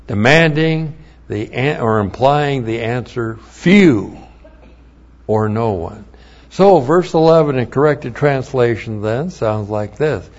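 A pastor teaching through a Bible passage word by word, spelling out terms letter by letter, with dry humorous asides. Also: male voice, medium pitch, expressive, a little mellow. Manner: slow, emphatic, spells out words letter by letter. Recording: dull lo-fi recording.

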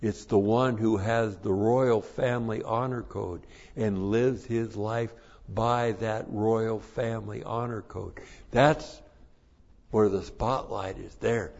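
A man preaching a sermon, slow and deliberate, repeating his numbered points for emphasis. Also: lowish voice, creaky, darkish tone, highs cut off.

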